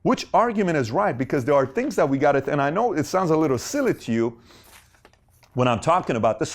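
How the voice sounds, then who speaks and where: Middle-aged guy giving a business pep talk, talks super fast, swoops up and down a lot. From Middle Eastern family. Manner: fast, animated, rhetorical questions, big swings in pitch. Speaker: host. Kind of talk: motivational talk to camera.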